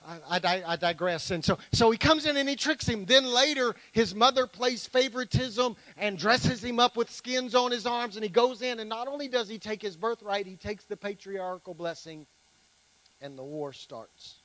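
A man's voice: high voice, normal speed, a bit bright, no echo, poor audio. A man preaching a sermon to his congregation, emphatic, with playful joking asides. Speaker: pastor.

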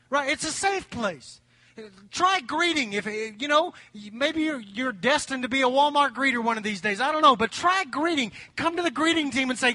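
A man preaching a sermon as pastor, folksy and animated, with humor. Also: extremely high pitch, fairly quick, no echo.

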